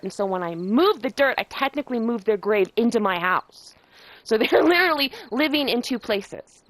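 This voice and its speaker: A woman's voice: lowish voice, normal speed, soft background music, low-quality recording. A young woman telling her own ghost story in a casual, profane way, full of laughter, from a house in the countryside. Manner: animated and profane, with frequent laughs. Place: rural house.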